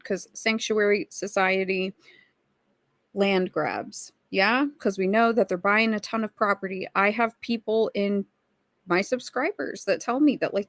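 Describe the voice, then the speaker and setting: A woman's voice: mid-range voice, creaky, dry recording. A woman hosting a casual livestream, chatty and playfully snarky as she reads out viewer comments. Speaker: livestream host.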